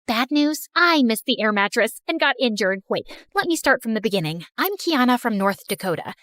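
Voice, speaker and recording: A woman's voice: a little high, big pitch swings, normal speed, fairly bright tone, dry recording, clean studio sound. A woman narrating a first-person school story in a chatty, youthful manner.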